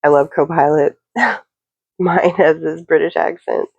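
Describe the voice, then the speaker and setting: A woman's voice: deep voice, steady tone, a little slow, creaky, darkish tone, breathy edge, dry recording, highs cut off. A woman giving a casual spoken reading to camera, rambling with lots of fillers and the odd swear word.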